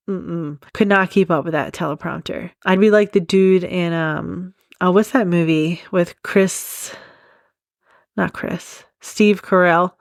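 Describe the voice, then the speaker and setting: A young woman with a fairly low voice hosts a casual true crime podcast, giggling often and wandering off on tangents as she rambles. The sound is clean studio audio with no room echo.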